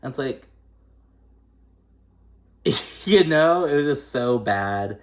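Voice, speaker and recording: A man's voice: mid-range voice, lively intonation, takes it slowly. Chatty, profane man recapping reality TV. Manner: chatty, profane, shady, full of fillers. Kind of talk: casual episode recap.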